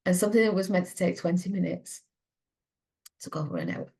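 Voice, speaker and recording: A middle-aged woman, a mother, giving an earnest, halting personal account in an interview. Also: on the low side, mellow. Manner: earnest, halting, with many restarts. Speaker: mother of a patient, interview guest.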